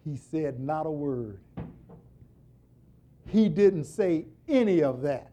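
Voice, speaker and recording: Animated preacher man, very expressive. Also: on the high side, slow, pauses often. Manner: animated, folksy, direct to congregation. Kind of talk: sermon.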